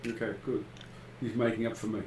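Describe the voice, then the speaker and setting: Low-ish guy at a tabletop game, short easy replies, roomy echo and noise. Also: level tone, fairly quick, a little mellow. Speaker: player. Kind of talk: casual tabletop play chat.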